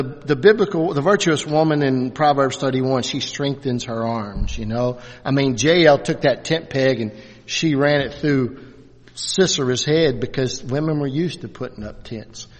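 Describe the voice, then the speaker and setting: Man in his sixties, church class teacher, halting with fillers, medium pitch, long hall reverb. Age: 60s. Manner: halting, many restarts and fillers. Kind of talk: church class lecture with questions.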